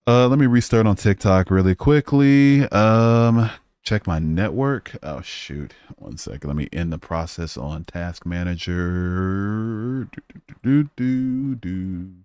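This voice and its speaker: Male streamer, deep voice, dry close-mic sound, casual and profane chat. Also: slow pace, darkish tone, clean tone, no echo. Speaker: livestream host.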